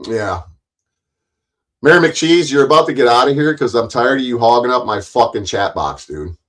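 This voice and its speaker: A man's voice: medium pitch, lively intonation, normal speed, a bit bright, low-quality recording. A man hosting a livestream, ranting at his chat in a profane, taunting, confrontational way. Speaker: livestream host.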